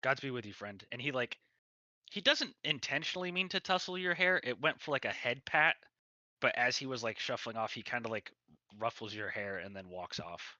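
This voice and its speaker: A man's voice: medium pitch, normal speed, sharp tone, dry recording, highs cut off. A man narrating a tabletop game as game master, in a rambling way full of fillers.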